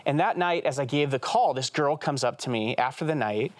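A man in his thirties, an evangelist guest telling an animated story in an earnest, fast way on a talk show. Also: medium pitch, no room sound. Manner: earnest, fast, says "right?" often.

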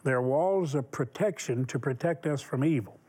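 A man's voice: medium pitch, moderate pace, mellow. A man hosting a Christian television talk show, speaking in an emphatic, preacherly way.

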